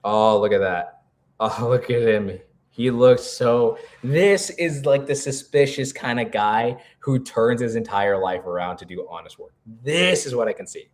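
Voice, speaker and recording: A man's voice: mid-range voice, unhurried. A man co-hosting a live character-creation stream, chatting casually and rambling with lots of filler words. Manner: rambling, animated, full of "like" fillers. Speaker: co-host.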